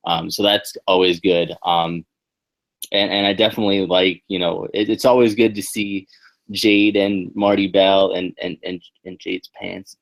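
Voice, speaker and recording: A man co-hosting a casual wrestling podcast, hesitant and full of fillers, turning loud and incredulous when excited. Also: sits low, a little slow, creaky. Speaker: podcast co-host. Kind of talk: casual wrestling review chat.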